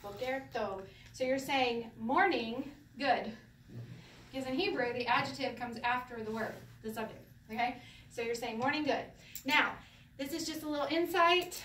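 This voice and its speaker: A woman's voice: sits high, normal speed, a bit bright. A woman teaching a Hebrew class in a casual, playful way, laughing often and going sing-song when she demonstrates. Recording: roomy, from a distance, faint background noise.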